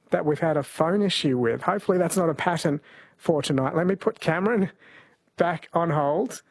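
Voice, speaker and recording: A man's voice: fairly high pitch, slightly rough, no room sound, studio quality. A man hosting a talkback radio quiz, friendly and easygoing with callers.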